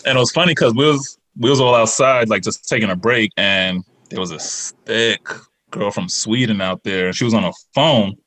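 Male podcast guest, low voice, animated storyteller. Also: moderate pace. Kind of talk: casual storytelling.

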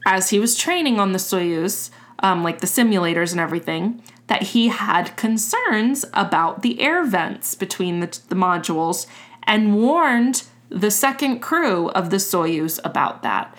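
A woman's voice: medium pitch, unhurried. Chatty woman telling a story. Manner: relaxed, chatty, swears casually. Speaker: podcast host. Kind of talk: casual storytelling chat.

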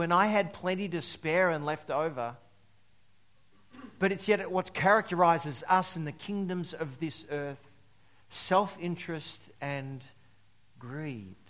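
A male pastor preaching a sermon, telling stories and swinging between loud emphasis and quiet drops. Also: high-pitched. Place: church service.

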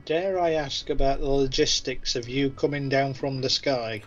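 A man playing in a tabletop game, speaking in a wry, quietly joking way. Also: mid-range voice, fairly even intonation, normal speed, soft background music. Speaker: player. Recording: muffled lo-fi mic.

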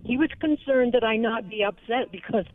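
A woman's voice: on the high side, normal speed, no room sound. An older woman calling in to a radio show, telling a story in an easygoing, amused way. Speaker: caller. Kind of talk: phone-in storytelling. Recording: tinny phone line.

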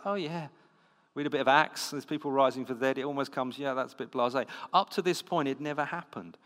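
A man delivering a sermon at a middle pitch, with a long reverb trailing behind his voice as if in a church hall. He explains scripture conversationally, pressing hard on key points and stumbling over the odd word. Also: fairly bright tone. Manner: conversational, emphatic, with fillers and restarts. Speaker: preacher.

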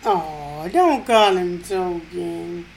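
A woman's voice: lowish voice, expressive, drawn-out words, gravelly, darkish tone, slight background noise. Wry woman co-host interjecting. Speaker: podcast co-host. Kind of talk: casual chat.

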